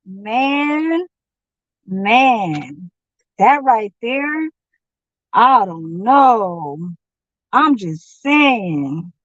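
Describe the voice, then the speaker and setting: A woman's voice: a little high, lively intonation, drawn-out words, pauses often, dry recording, dull audio. A woman venting in a rambling, profane monologue, heated and repetitive.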